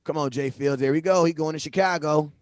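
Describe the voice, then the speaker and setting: A man hosting a livestream, talking sports in a casual, animated, slangy way and often repeating himself. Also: a little high, fairly quick, no room sound, clean studio sound. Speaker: livestream host. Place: home livestream setup. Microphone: phone.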